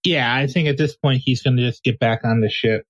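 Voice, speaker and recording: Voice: mid-range voice, brisk, dry recording. A player in a tabletop game, speaking briefly and offhandedly in casual table talk. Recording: dull lo-fi mic.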